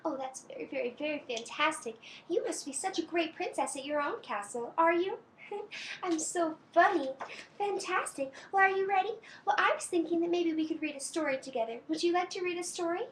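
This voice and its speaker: A young woman playing a sweet, doting princess in a birthday greeting, talking slowly and sing-song to a small child with soft giggles and pauses for answers. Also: extremely high pitch, a little hiss or hum. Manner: talks slowly to a toddler, pausing for answers. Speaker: costumed princess character.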